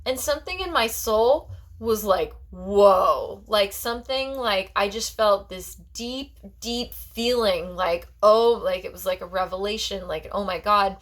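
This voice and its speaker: A woman's voice: mid-range voice, unhurried, few pauses. A woman talking as a psychic in a personal vlog monologue. She rambles in a heartfelt way and fills her talk with "like" and restarts.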